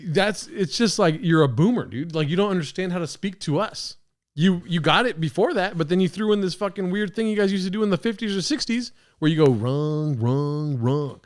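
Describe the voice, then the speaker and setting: A man's voice: sits high, brisk. A young man hosting a podcast, ranting casually with profane mock outrage while reacting to a clip. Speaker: podcast host.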